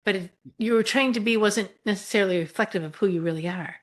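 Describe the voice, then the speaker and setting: A woman hosting a spiritual talk over a video call, musing slowly and affirming her guest. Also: medium pitch. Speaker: host. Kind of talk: casual spiritual conversation.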